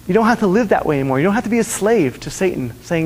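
A man's voice: high voice, lively intonation, rapid-fire, few pauses, big-room sound. A man preaching a sermon, earnestly telling stories and repeating his key lines. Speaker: pastor.

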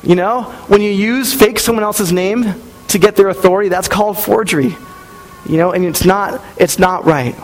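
A male pastor in his thirties delivers a sermon with a notably high-pitched voice. He speaks in a relaxed, conversational way and slips into the voices of people in his stories. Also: normal speed, poor audio. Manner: conversational, storytelling with acted-out quotes.

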